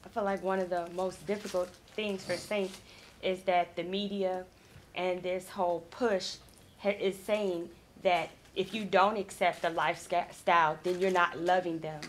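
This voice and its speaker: Low-voiced woman asking a hesitant question. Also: level tone, a little slow, a little hiss or hum. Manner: hesitant, many fillers. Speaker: discussion participant. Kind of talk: casual discussion.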